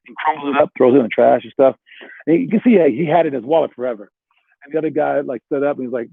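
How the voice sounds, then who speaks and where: A man's voice: fairly high pitch, quick pace, creaky, breathy edge, dry recording. Man coaching basketball over a tinny line. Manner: rambling, fillers like "all right" and "like", talks to players directly. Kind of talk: motivational coaching talk. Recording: dry, tinny phone-like sound.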